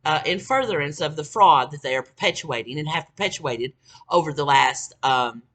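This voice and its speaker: Husky, profane ranting vlogger in their forties. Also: moderate pace. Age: 40s. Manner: profane, bitter ranting with frequent filler words; swings from low muttering to shouted outbursts. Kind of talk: casual monologue to camera.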